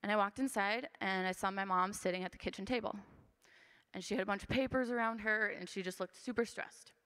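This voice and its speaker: A woman's voice: medium pitch, fairly quick, bright, forceful tone, clean tone. Young woman giving an earnest church testimony. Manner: earnest and conversational, with frequent fillers. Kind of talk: personal testimony storytelling. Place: church sanctuary. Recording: long church hall reverb.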